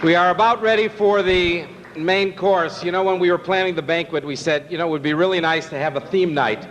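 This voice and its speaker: A man acting as master of ceremonies at a banquet, telling jokes with relaxed, easy pacing. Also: sits high, fairly quick, long reverb tail, slight background noise. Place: banquet hall.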